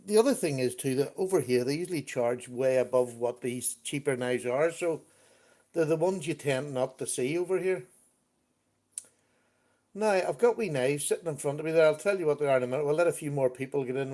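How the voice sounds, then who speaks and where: Speaking in a warm, slightly high voice, a livestream host keeps things casual, welcoming viewers by name during his live-stream chat.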